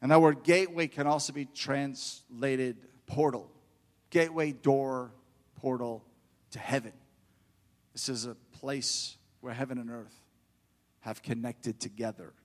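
A middle-aged man preaching a fervent sermon in church, building to loud exhortation. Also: medium pitch, steady tone, unhurried, in a large hall.

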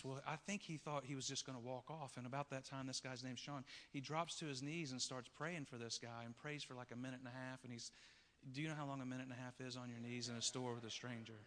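Animated preaching man in a reverberant hall. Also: mid-range voice, fast. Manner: animated storyteller, acting out voices and rising to loud peaks. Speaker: pastor. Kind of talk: sermon storytelling. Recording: long reverb of a large hall.

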